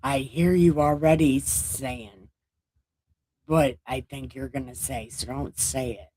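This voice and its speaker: A woman's voice: rumbling low, steady tone, takes it slowly, mellow, breathy edge, no echo. A middle-aged woman hosting a casual livestream chat, mouthy and swearing freely. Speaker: livestream host.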